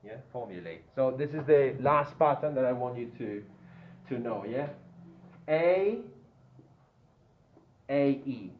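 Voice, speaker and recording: A man teaching an English grammar lesson, slowly repeating words for pronunciation drills and checking in with "yeah?". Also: mid-range voice, a little hiss or hum. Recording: tinny phone-like line in an echoey room.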